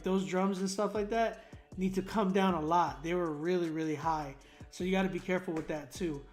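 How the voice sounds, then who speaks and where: A man's voice: high-pitched, darkish tone. A man hosting a casual livestream, critiquing submitted songs in a laid-back way with lots of fillers, sometimes humming drum patterns to make a point. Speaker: host reviewing submitted songs.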